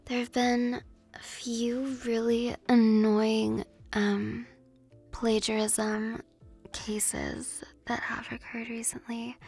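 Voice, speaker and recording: Young woman, ASMR host, whispered ASMR chat, slow and airy, breathy, faint music behind. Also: fairly high pitch, darkish tone. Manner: rambling, giggly, with frequent ums.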